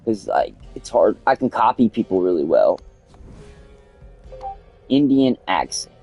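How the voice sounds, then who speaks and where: A man's voice: low voice, sing-song, normal speed, creaky, darkish tone, slightly rough, faint music behind. A man chatting casually on a game livestream, rambling with many fillers and crude jokes. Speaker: game streamer.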